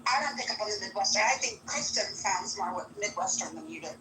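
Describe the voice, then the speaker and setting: A woman's voice: mid-range voice, expressive, fairly quick, background noise. A woman in casual podcast chat, thoughtful and hedging as she weighs her words. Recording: echoey room, distant mic.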